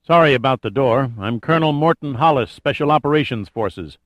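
A man voicing a calm, curt male special forces colonel giving flat orders. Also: medium pitch, a little fast, no room sound, close to an everyday voice.

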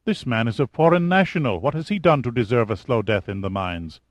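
A man's voice: mid-range voice, expressive, a little fast, dry recording, dull audio, lightly acted. A man voicing a nervous, servile hospital doctor in an audiobook, speaking carefully and in a subdued way. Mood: uneasy deferential. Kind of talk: audiobook character reading.

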